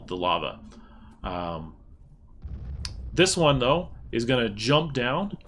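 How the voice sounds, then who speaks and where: A man's voice: fairly low pitch, fairly bright tone. A man narrating as game master, describing scenes loosely and explaining the rules as he goes.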